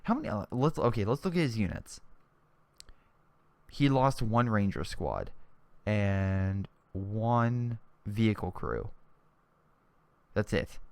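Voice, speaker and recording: A man's voice: on the low side, very animated, slow pace, long pauses, a little mellow, dry recording. A young man giving casual commentary over a strategy game replay, chatty and exclamatory, often restarting his sentences.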